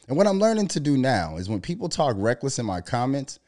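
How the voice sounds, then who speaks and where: A man talking in a loose, profane monologue, telling animated stories and putting on mocking voices as he quotes people. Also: medium pitch, fairly quick, few pauses. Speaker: podcast co-host. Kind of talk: casual monologue.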